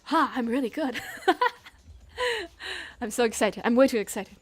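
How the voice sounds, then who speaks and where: Female gaming streamer, high-pitched and excitable, dry close mic. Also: slow, husky, no echo. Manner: excitable, laughs a lot, reads dialogue aloud. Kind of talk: excited gameplay commentary.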